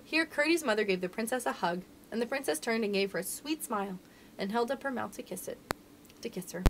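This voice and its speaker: A woman reads a children's chapter book aloud in a bright, high, lively voice that swoops up and down. Her delivery is expressive and sing-song, and a faint hum of room sound sits behind her. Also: brisk. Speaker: librarian reading aloud. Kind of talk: children's storybook read-aloud.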